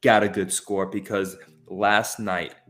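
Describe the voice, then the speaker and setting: This podcast co-host is a man with a fairly low, slightly bright voice and a flat delivery at a slow pace. Soft music plays behind him as he talks about films casually but with passion and emphasis, often restarting his sentences.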